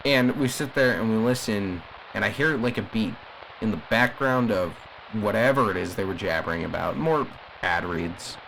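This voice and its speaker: A man's voice: on the low side, moderate pace, vocal fry, a bit bright, a little hiss or hum, poor audio. A man voicing an agitated caller on a radio broadcast in an audio drama, speaking emphatically and rambling with frequent restarts. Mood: indignant. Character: agitated male radio caller defending a cursed family.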